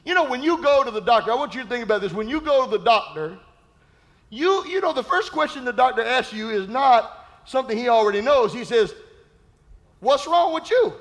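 A male pastor preaching a sermon, emphatic and repetitive, with playful asides and sudden shouted peaks. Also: extremely high pitch, animated, a little fast.

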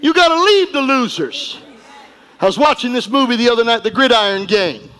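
A middle-aged man preaching a sermon, folksy and emphatic, going from quiet asides to shouting. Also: very high voice, lively intonation, brisk, clear, resonant tone, a faint crowd, low-quality recording. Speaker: pastor.

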